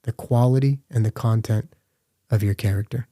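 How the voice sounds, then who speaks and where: Man, podcast host, earnest devotional speaker; warm tone, dry close mic, mid pitch. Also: steady tone, normal speed, no room sound. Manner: earnest, repetitive questioning.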